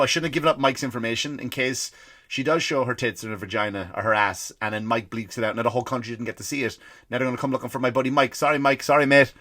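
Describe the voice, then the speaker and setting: A man's voice: mid-range voice, bright, forceful tone, no echo, studio quality. An Irish man in his forties, a comedy podcast host, ranting in a rambling, profane way full of restarts. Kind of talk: comedic rant.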